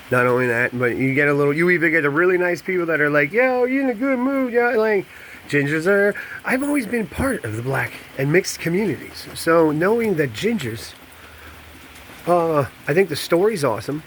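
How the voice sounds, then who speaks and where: A man's voice: a little high, lively intonation, moderate pace, long pauses, a bit bright, slight background noise. A man in a casual confessional monologue to a camera, rambling and candid, jumping between thoughts while he paces. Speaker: vlogger and podcast host.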